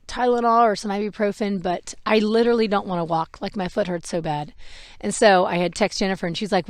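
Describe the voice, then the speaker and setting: A woman in her thirties tells a personal story to a podcast audience with candid, self-reflective openness. Her voice is medium in pitch, and she slips into the voices of the people she quotes. The recording is dry and close, with no room echo. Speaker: podcast host.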